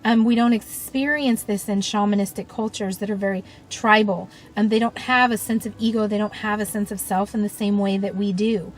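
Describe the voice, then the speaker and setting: A woman's voice: medium pitch, steady tone, fairly quick, few pauses, rough recording. A woman with an earnest, thoughtful manner, speaking in a reflective monologue and often leaning on "you know" and "um". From United States. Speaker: shamanic practitioner and teacher.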